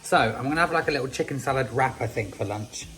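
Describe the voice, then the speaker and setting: A man's voice: mid-range voice, quick pace, a bit bright. A man vlogging casually from home, chatty, with many fillers and free swearing. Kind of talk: casual vlog chat.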